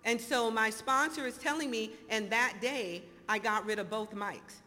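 A woman in her fifties telling her recovery story to an audience in an animated, storytelling way, acting out the dialogue. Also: fairly high pitch, normal speed. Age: 50s. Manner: animated storyteller, acts out dialogue, laughs often. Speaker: speaker sharing recovery story. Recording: hall reverb, faint noise.

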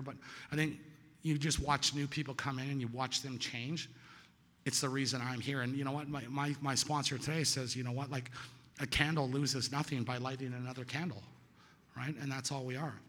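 A man speaks at a recovery meeting in a bright, forceful voice, telling his story casually and acting out quoted voices louder and higher. His voice rings with the long reverb of a big hall. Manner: conversational, storytelling, asks "right?" often. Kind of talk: personal testimony talk.

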